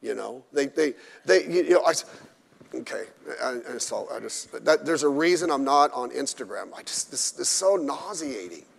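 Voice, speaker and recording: A man's voice: mid-range voice, lively intonation, moderate pace, vocal fry, slightly rough. A male pastor preaching a sermon at a midweek service, blunt and emphatic with mocking asides. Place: church during a midweek service. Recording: echoey church hall.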